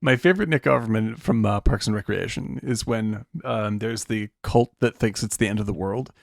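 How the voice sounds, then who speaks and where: A man co-hosting a movie podcast, chatting casually, animated and laughing often, with casual swearing. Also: lowish voice, normal speed, creaky, dry recording, studio quality. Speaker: podcast co-host.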